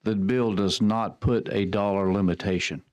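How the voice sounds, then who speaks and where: Low-voiced senator with a dry sound. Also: male voice, steady tone, normal speed, a little mellow, dry recording. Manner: polite, careful questioning. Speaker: committee senator. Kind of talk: formal hearing question.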